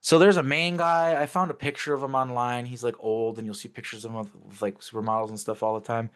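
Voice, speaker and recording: A man's voice: mid-range voice, steady tone, fast talker, fairly bright tone, smooth. A man talking as an interview guest, recounting memories casually but intensely and swearing freely.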